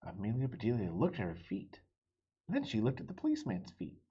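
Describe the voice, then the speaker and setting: A man with a husky voice, reading a children's chapter book aloud in an animated, friendly way and asking the listeners questions. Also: on the low side, brisk, lo-fi sound. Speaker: storybook reader.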